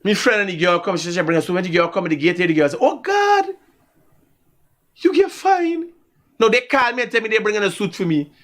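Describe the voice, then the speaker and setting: A man's voice: sits high, rapid-fire, hardly any pauses. A man with a Guyanese accent hosting a live talk show, telling stories casually and laughing often. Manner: animated storytelling with frequent laughter.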